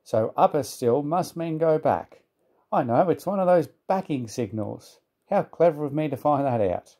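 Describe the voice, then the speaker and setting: A man voicing a cheeky little male tank engine, playful and proud, in a high squeaky, excited voice. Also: normal speed.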